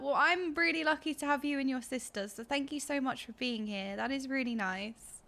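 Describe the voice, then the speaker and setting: Bright high-voiced woman streamer. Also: normal speed, few pauses, soft background music. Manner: chatty, reads chat messages aloud, laughs often. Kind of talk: casual game stream chat.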